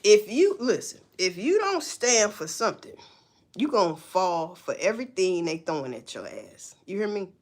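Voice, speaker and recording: A woman's voice: mid-range voice, sing-song, moderate pace. A woman hosting a livestream, ranting bluntly and profanely with rhetorical questions. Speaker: livestream host. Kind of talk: casual livestream commentary.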